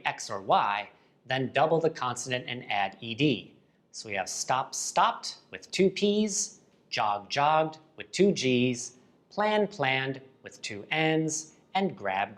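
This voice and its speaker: A teacher narrating a scripted grammar lesson at an unhurried pace. The pitch moves freely and expressively, and each example word pair is spelled out with careful enunciation. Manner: slow, careful enunciation of drilled word pairs. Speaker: English teacher.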